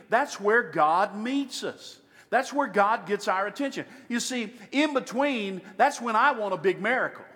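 High, bright-voiced preacher in a hall. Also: male voice. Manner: dramatic, acts out God and Moses in his retelling. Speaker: pastor. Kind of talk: sermon. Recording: reverberant hall.

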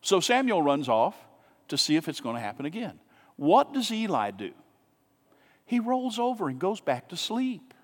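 Animated preaching man in a reverberant church. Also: high voice, moderate pace, husky. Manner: animated, conversational preaching with rhetorical questions. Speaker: pastor. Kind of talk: sermon. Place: church sanctuary.

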